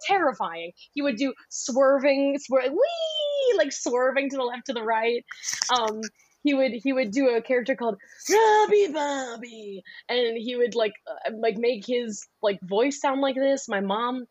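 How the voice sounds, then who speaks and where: A young woman comedian chatting on a podcast, rambling and animated, often slipping into voices. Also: a little high, measured pace, lo-fi sound. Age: young adult. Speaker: comedian guest. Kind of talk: casual podcast chat.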